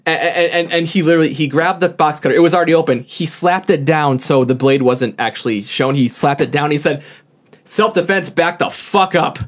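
A man's voice: a little high, fast talker, hardly any pauses. A young man telling a story to friends in casual chat, rambling and often stumbling over repeated words.

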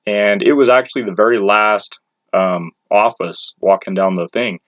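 A man with a fairly low voice tells a story about his own life in a loose, rambling way, dropping crude slang and restarting his sentences. The recording is dull and lo-fi, with a dry sound and no room echo. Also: moderate pace. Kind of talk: casual personal storytelling.

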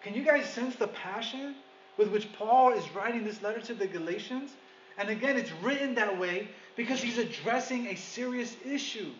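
A man's voice: high-pitched, moderate pace, a little hiss or hum. Guy preaching to his church, keeps saying guys and asking the room stuff, kinda muffled and roomy. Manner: addresses listeners as "guys", asks them questions. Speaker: pastor. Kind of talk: conversational sermon.

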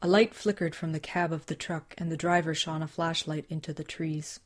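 A woman narrating an audiobook in a measured, tense dramatic reading. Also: low voice, steady tone. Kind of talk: scripted narration.

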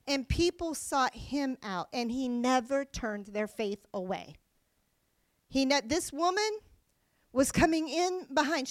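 A woman's voice: high voice, no room sound. A woman giving an earnest sermon-style Bible teaching, reading verses aloud and explaining them with emphasis. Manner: earnest, reads scripture then explains with emphasis.

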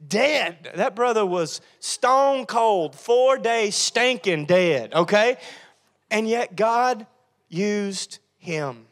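A man preaches to his congregation, lively and playful, slipping into comic voices for the figures in his story. His voice sits high for a man. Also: drawn-out words. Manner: animated, acts out Bible figures in funny voices. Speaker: pastor. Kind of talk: sermon. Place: church sanctuary.

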